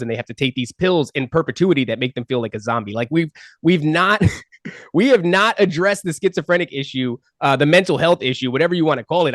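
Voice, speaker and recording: A man's voice: fairly high pitch, dry recording, clean studio sound. A man who is a podcast guest, arguing his point and building a case. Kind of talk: casual podcast conversation.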